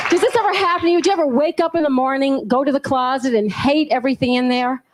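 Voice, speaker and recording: A woman's voice: high-pitched, very animated, normal speed, over a noisy crowd, very noisy. A young woman from New Orleans doing a playful, self-mocking stand-up routine. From New Orleans, USA. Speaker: stand-up comedian.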